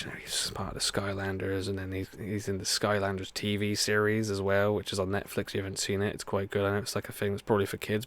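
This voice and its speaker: A man streaming a racing game live, chatting in a rambling way and laughing often as he plays. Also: on the low side. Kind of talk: live gameplay commentary. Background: racing game music.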